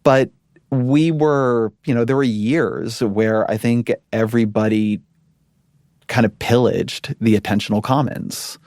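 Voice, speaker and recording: A man who once ran a media company, speaking as a guest in a thoughtful, measured way with frequent restarts. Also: medium pitch, steady tone, darkish tone, no room sound, clean studio sound. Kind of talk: interview conversation.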